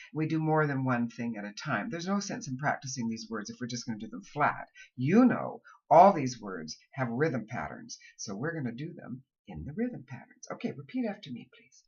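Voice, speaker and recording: A woman running a pronunciation lesson, slowly and carefully modeling words for students to repeat. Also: a bass voice, slightly rough, dull audio. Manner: slow, deliberate, modeling words in rhythm. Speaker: accent and pronunciation coach.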